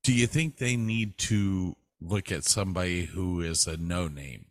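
A man co-hosting a casual chat, asking his partner questions at an unhurried pace. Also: sits low, no echo. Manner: leads with questions, slow and drawn out.

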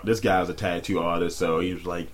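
A man in his thirties co-hosting a podcast in loud, profane casual chat, often jumping up into high mocking voices. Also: steady tone, fairly quick. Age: 30s. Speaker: podcast co-host.

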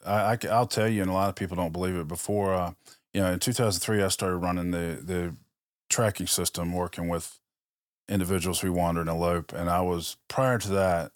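A man's voice: low voice, fairly even intonation, fairly quick, dry recording, studio quality. A man, a police officer guest on a podcast, telling stories in casual chat and acting out the dialogue he quotes.

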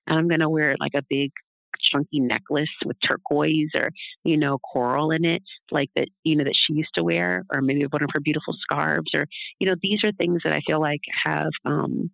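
A woman's voice: low voice, fairly even intonation, normal speed, creaky, no room sound. A woman speaking as an interview guest in casual, rambling talk, often checking in with a tag question. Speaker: guest, doula. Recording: dull, lo-fi, dry.

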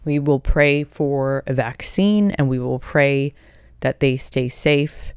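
Slow, smooth-voiced podcast woman. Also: rumbling low, a little mellow, no room sound, studio quality. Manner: blunt and profane, upbeat. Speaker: podcast host. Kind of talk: casual solo podcast, reading listener questions.

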